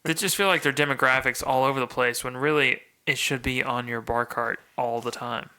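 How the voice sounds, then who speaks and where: A man's voice: mid-range voice, fairly even intonation, brisk, sharp tone, smooth. A man co-hosting a bourbon podcast, chatting casually and enthusiastically. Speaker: podcast co-host. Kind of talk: casual chat.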